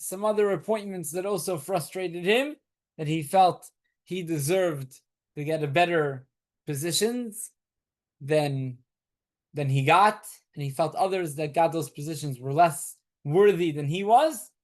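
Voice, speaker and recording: A man's voice: high-pitched, a little slow. A man, a rabbi, teaching a weekly Torah class to a small group. He explains patiently, repeats key points, asks rhetorical questions and turns to students to question them.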